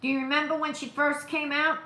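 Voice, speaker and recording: A woman's voice: high-pitched, level tone, a little fast, bright, forceful tone, echoey room. A woman with a noticeable accent, hosting an opinionated live stream, who repeats her points emphatically and asks rhetorical questions. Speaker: political livestream host.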